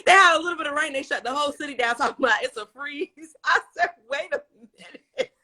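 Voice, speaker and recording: Bright, chatty woman host. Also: sits high, very fast. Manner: laughs often, animated and chatty. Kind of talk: casual online interview.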